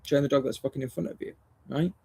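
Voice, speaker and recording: Man, gravelly, husky, dog trainer, casual live chat, blunt, swears a lot. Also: medium pitch, quick pace, mellow. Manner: blunt and sweary, restarts and repeats phrases.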